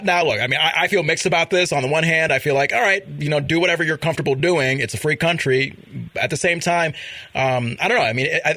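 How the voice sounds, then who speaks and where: A man's voice: on the high side, bright, forceful tone, dry recording. A man hosting a podcast, chatting casually about celebrity gossip and reading out news items. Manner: chatty, laughs often, reads news items. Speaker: podcast host. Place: studio in Vermont.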